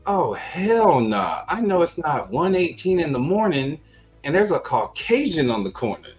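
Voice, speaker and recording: A woman's voice: sits low, sing-song, moderate pace, darkish tone, soft background music, voice pushed up. A man voicing a brash young woman on a street corner, scolding bluntly in a streetwise way.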